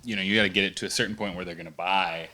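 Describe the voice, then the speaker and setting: Deep voiced co-host guy, sharp bright tone, casual chatty. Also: steady tone, racing. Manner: affirming, short reactions. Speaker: podcast co-host. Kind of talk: casual interview talk.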